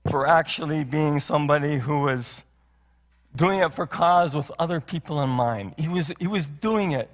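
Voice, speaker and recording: A male pastor preaching a sermon in a church, earnest, with many rhetorical questions and repeated phrases. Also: on the high side. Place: church sanctuary. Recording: long hall reverb.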